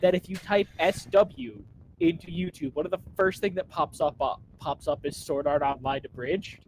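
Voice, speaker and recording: A man's voice: fairly high pitch, steady tone, normal speed, slight background noise, rough recording. A man co-hosting a casual comedy show, teasing and correcting his partner. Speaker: co-host.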